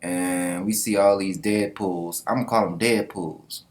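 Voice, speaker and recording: A man's voice: low-pitched, fairly even intonation, unhurried. A man giving a casual, slangy, profane comic-book reaction, laughing often. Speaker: manga reviewer.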